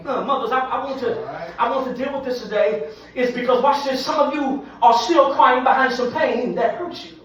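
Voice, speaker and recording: A man, preaching an impassioned sermon that repeats phrases and swells into shouts. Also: extremely high pitch, moderate pace. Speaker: pastor. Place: large church sanctuary. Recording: echoey church hall from far off.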